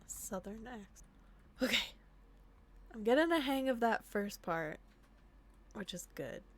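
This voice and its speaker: A woman's voice: a little high, sing-song, measured pace. A young woman streamer giving casual commentary while she plays a game, talking to herself and dropping to a whisper in the tense moments. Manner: talks to herself while playing, drops to whispers when sneaking.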